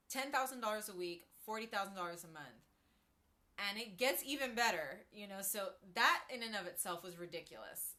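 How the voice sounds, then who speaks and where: A woman's voice: medium pitch, pushed and bright. A woman talking casually to her viewers on a live stream, chatting through a story with asides and greetings to people joining. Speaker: livestreamer.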